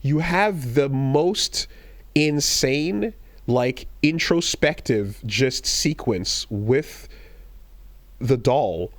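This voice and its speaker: Animated man retelling a game story. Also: mid-range voice, extremely slow, dry recording. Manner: animated storytelling, acts out quoted lines in raised voices. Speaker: podcast co-host. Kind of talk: casual chat.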